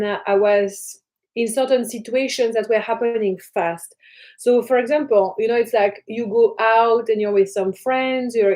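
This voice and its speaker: A woman spiritual teacher talking in her flat, her speech soft and flowing, with repeated phrases and many fillers. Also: on the high side, poor audio. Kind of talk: casual teaching talk.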